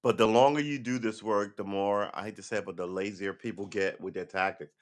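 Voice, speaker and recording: A man's voice: fairly low pitch, steady tone, a little fast. A man talking casually on a livestream, rambling and profane, with sarcastic asides. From United States. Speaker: livestream host.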